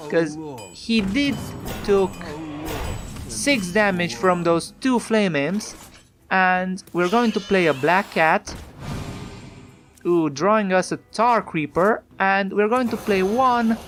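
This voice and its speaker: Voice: mid-range voice, takes it slowly, a bit bright, faint music behind. A speaker with an Italian accent giving casual commentary on a card game match. They chat along and put rhetorical questions to the opponent. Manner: chatty, talks back to the opponent with rhetorical questions.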